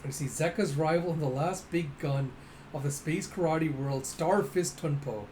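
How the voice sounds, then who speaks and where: A man walks through a comic panel by panel in a loose, casual way, swearing now and then. His voice is on the high side but mellow rather than bright, and a faint hiss of background noise runs under it. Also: moderate pace, low-quality recording. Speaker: manga recap narrator. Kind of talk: casual manga recap.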